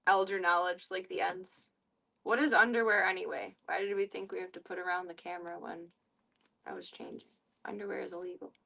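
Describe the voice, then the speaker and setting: A woman's voice: fairly low pitch, steady tone, a little fast, gravelly, sharp tone. A woman streamer chatting casually on a live stream, playful and giggly as she rambles. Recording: voice a bit distant from the mic.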